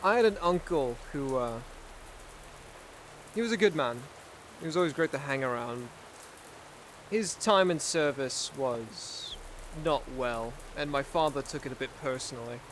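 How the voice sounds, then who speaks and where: A man voicing a young male sergeant in a casual roleplay, rambling and pausing to search for words. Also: medium pitch, slight background noise, lightly acted. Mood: reminiscing. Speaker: roleplay player.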